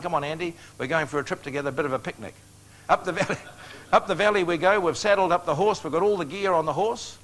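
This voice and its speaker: A man's voice: a little high, fairly bright tone. Older New man preaching folksily. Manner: folksy, joking, chuckles at his own stories. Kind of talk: storytelling sermon.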